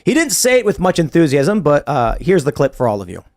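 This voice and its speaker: A man hosting a political podcast, quick and wry as he leads the talk. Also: on the high side, wildly swooping pitch. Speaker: podcast host. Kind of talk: casual political chat.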